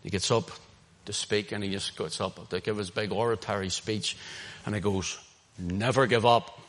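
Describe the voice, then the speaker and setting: A man with a Northern Irish accent preaching an impassioned sermon, swinging between loud emphasis and hushed asides. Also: on the low side, level tone, normal speed. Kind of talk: sermon, streamed online.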